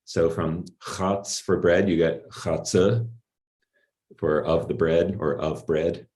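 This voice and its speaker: A middle-aged man giving an academic linguistics talk in a measured, explanatory way, with some pauses and fillers. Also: low-pitched, steady tone, darkish tone. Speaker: linguistics lecturer.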